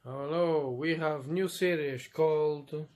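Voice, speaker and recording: A man's voice: fairly high pitch, steady tone, slow, a little mellow. A man with a Portuguese accent hosting a food show, chatting eagerly and ending lines with "eh?". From Madeira, Portugal. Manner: enthusiastic, ends lines with "eh?". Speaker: mukbang co-host. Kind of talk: casual food chat.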